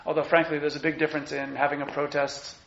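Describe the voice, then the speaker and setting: Animated male lecturer in an echoey room. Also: a little high, quick pace, vocal fry, lo-fi sound, slight background noise. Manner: animated, conversational, acts out quotes. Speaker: teacher. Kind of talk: lecture on scripture.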